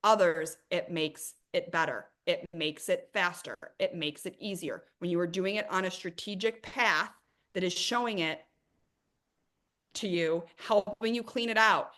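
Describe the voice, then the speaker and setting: A middle-aged woman hosting a live money coaching workshop, answering chat questions with emphatic, energetic talk and calling her viewers "you guys.". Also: lowish voice, measured pace.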